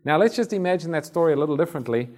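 Male preacher, relaxed storytelling sermon delivery, acts out scenes. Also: on the high side, rapid-fire. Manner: conversational, acts out Bible scenes.

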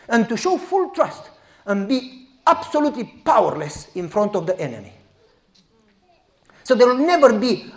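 A man preaching a sermon, swinging between loud exclamations and hushed asides, and acting out the voices of people in his stories. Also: very high voice.

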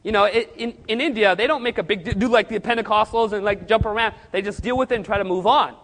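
A male preacher telling a story in a sermon, animated and acting out the quoted speech. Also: high-pitched, fast, hardly any pauses. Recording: long hall reverb.

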